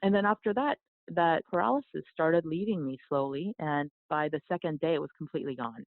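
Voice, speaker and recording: Soft-spoken woman with gravelly edge, phone line. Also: low-pitched, a little fast, no echo. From South Korea. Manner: soft-spoken, reflective, frequent restarts. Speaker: guest, yoga teacher. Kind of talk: conversational storytelling. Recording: dry, phone-like remote line.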